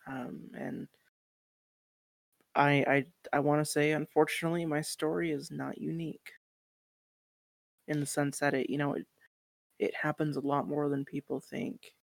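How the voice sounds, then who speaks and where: A woman's voice: low voice, level tone, normal speed, gravelly, pauses often, no echo. A woman speaking as a guest on a podcast interview, earnest and encouraging, with some casual swearing.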